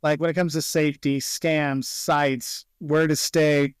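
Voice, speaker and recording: A man's voice: a little high, flat delivery, unhurried, smooth, dry recording. A man, a travel video creator guest in a casual podcast interview, telling stories and acting out the people he quotes.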